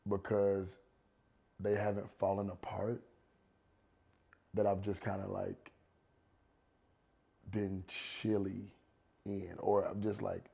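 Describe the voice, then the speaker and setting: A man in his forties with a low, gravelly voice talks in a loose, slangy way. His tone is mellow and unhurried, and he circles back to the same advice to drive it home. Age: 40s. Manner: relaxed, slangy, repeats advice for emphasis. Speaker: podcast guest, worship leader. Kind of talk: casual chat.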